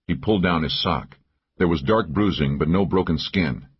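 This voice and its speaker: Deep-voiced male audiobook narrator, husky, muffled recording. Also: normal speed. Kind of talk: first-person thriller narration. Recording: dull lo-fi audio.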